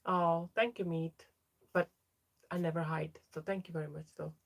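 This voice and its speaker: A woman's voice: lowish voice, steady tone, normal speed, gravelly. A young trans woman hosting a casual livestream, chatting as she reads out viewer names and answers their comments. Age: young adult. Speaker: livestream host.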